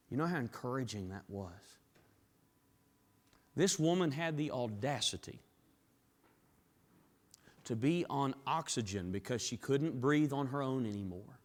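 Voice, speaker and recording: A man preaching a sermon in a church, dropping to hushed tones and building to raised, emphatic climaxes. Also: a little high. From Southern US. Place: church sanctuary. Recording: long reverb of a large hall.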